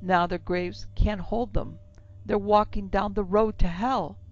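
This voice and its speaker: A woman voicing a frightened, defiant young tavern woman in a horror audio story, pitching her voice up into a shrill, pleading tone. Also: normal speed, creaky, a little mellow. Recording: dull lo-fi with faint music.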